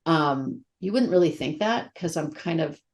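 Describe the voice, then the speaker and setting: Middle-aged woman, interview guest, candid and emotional, animated storyteller. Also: sits low, moderate pace. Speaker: actress guest. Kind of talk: casual interview chat.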